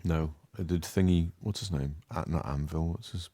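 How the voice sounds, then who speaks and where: A man with a low, deep voice chats loosely on a comedy podcast. He swears casually and jokes around, and he often trails off mid-thought. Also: moderate pace, warm tone, no room sound. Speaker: co-host.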